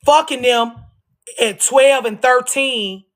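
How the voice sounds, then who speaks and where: A woman's voice: sits high, takes it slowly. A woman hosting a casual livestream from home, talking bluntly and with lots of profanity, hammering her points with repetition. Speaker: livestream host. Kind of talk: casual unscripted livestream monologue.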